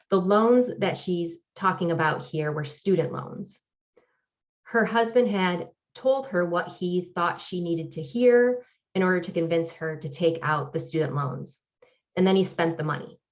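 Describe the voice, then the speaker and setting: A woman professor giving an academic lecture with slides, explaining in a measured, deliberate way. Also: fairly low pitch, muffled recording. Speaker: professor presenting research.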